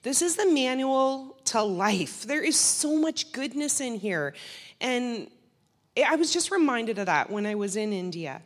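A church member, a woman with a somewhat high, expressive voice, gives a casual testimony about a mission trip to a church group. She talks a little slowly and chattily, laughing often and using plenty of fillers. Long hall reverb colors the recording.

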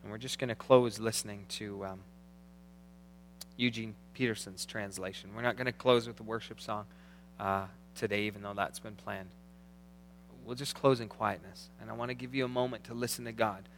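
A man preaching a sermon as pastor, earnest, slowing down to read scripture aloud. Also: on the low side, fairly even intonation, slight background noise. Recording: long hall reverb.

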